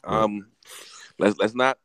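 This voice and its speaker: A man co-hosting a casual gaming podcast, talking in a halting way with many restarts and ums. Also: lowish voice, fairly even intonation, a bit bright. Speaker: podcast co-host.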